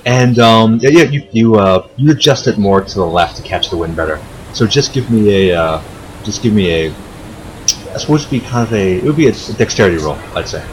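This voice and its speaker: A man's voice: fairly low pitch, expressive, fairly quick, a little hiss or hum, poor audio. A man narrating a tabletop game as game master, rambling with many fillers and restarts. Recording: chatter of a crowd behind.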